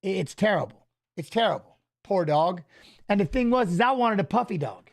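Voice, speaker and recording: A man's voice: high voice, lively intonation, a little fast. A man co-hosting a fight watch-along stream, chatting loosely and jokingly, reading viewer comments aloud and swearing casually. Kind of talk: casual live-stream chat.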